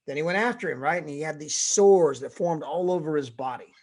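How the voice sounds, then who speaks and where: A man's voice: on the high side, fairly quick, few pauses, darkish tone. A middle-aged man giving a sermon-style motivational talk on a corporate call, telling stories and asking "right?" all the time. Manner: storytelling with frequent tag questions; exhorting, rising emphasis. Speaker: motivational speaker.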